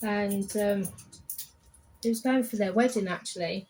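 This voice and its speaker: A woman's voice: medium pitch, a little slow, a little mellow, a little hiss or hum, low-quality recording. A woman in her fifties, a salon client, chatting casually and telling rambling stories. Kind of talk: casual chat. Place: barbershop.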